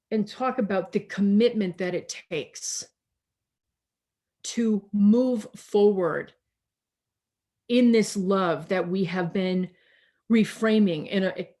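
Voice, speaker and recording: A woman minister gives a gentle, meandering sermon over a video call, her pitch sitting in an ordinary middle range. She speaks slowly and reflectively, often pausing and restarting her sentences, and a tiredness runs under her words. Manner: slow, reflective, with many restarts and pauses.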